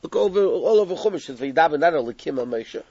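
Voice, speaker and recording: A man's voice: on the high side, expressive, fast, warm tone, husky, dry recording. Man teaching a text study class. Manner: explains step by step, mixing in Hebrew terms. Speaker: Torah teacher. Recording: dull lo-fi recording.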